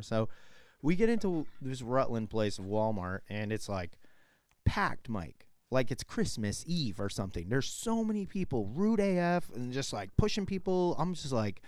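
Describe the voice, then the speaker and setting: A man telling a story in casual chat as a show co-host, animated and profane, laughing often and acting out quotes in a higher voice. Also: moderate pace, smooth, dry recording, clean studio sound.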